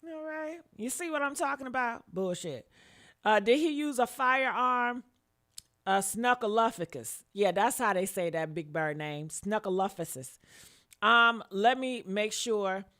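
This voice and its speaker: A woman's voice: mid-range voice, lively intonation, a little slow, a bit bright. A woman in her fifties giving casual live commentary on a crime case, blunt and profane, talking straight to her viewers. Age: 50s. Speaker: commentary vlogger.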